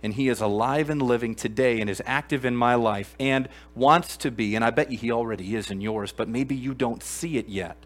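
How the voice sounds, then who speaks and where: A man preaching a sermon to a live congregation in a church, emphatic and earnest, swinging from loud exclamations to quiet asides and asking the room questions. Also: mid-range voice, fairly quick, few pauses. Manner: addresses the congregation directly with questions. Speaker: pastor.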